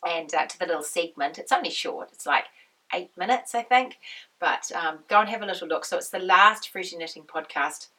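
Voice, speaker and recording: A woman with a slightly low, croaky voice chats to her viewers. She rambles easily and drifts into tangents. She sits a little way back from the microphone. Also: a little fast, pushed and bright, far from the mic, low-quality recording. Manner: chatty, rambling, goes off on tangents. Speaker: knitting podcast host. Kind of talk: casual chat to camera.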